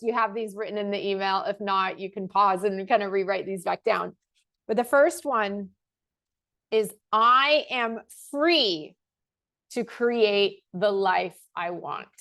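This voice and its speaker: A woman hosting a motivational talk. She coaches viewers through affirmations, repeating them slowly and with emphasis, and sometimes laughs at herself in a casual aside. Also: mid-range voice. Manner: slow, emphatic repetition of affirmations; laughs and self-corrects casually. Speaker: life coach host.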